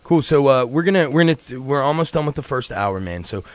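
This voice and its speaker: A man's voice: medium pitch, animated, fairly quick, no echo. A man hosting a casual radio chat, laid-back and rambling, laughing often between his lines. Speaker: radio show host.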